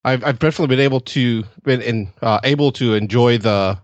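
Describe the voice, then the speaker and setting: A man hosting a podcast, asking his guest open questions in a relaxed way with some fillers. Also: mid-range voice, a little fast, no room sound, muffled recording. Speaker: podcast host. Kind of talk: interview questions.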